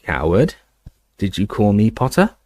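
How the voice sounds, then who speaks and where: A cold, contemptuous wizard of middle years, put on by a male reader speaks slowly and deliberately, letting each scornful word hang. The voice sits low and close, with a dry, dead sound around it. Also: big pitch swings, darkish tone, dry recording. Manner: slow, drawn-out, contemptuous delivery. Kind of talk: dramatic audiobook reading.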